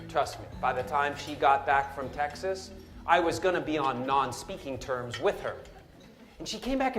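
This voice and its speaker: A man giving a storytelling speech, animated and humorous, with asides to the audience. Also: sits high. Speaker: motivational speaker. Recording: roomy hall with music behind.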